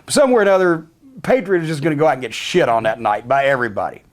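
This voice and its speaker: A man's voice: mid-range voice, racing. A middle-aged man telling a heated, profanity-laden backstage story as an interview guest, sardonic and blunt.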